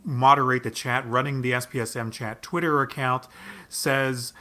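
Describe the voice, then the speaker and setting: A man's voice: mid-range voice, steady tone, normal speed, bright, forceful tone. A man hosting a livestream chat over a video call, upbeat and reading viewer comments aloud. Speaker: host.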